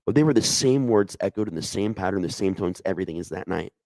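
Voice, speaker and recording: Low-voiced man telling a haunting true story. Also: animated, fast, vocal fry, dark tone, no echo. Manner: conversational, emotional, with many restarts and asides. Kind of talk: personal ghost story told casually.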